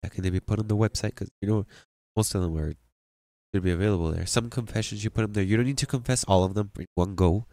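A male pastor delivers a sermon in a lower voice, pressing his points and putting questions to his listeners. The sound is dry, with little room in it. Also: fast, dark tone, dry recording. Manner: emphatic preaching, asks the congregation questions.

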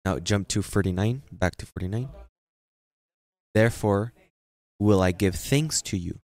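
Male pastor, low voice, emphatic sermon, repeats key words. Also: a little mellow. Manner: emphatic, repeats phrases for stress; reads scripture slowly and deliberately.

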